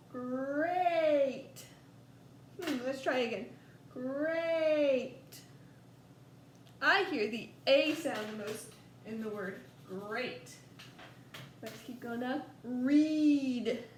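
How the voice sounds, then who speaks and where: A woman with a Southern US accent teaching a first grade lesson, slow and coaxing, stretching words out for young children. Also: sits high, a bit bright. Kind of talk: recorded distance-learning lesson for young children. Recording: echoey room, faint background noise.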